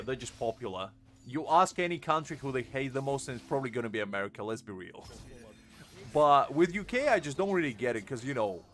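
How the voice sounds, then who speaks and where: A man's voice: mid-range voice, fairly bright tone. A young man streaming a game, chatting casually with his viewers in a joking, rambling way and answering them by name. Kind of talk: casual live-stream chat.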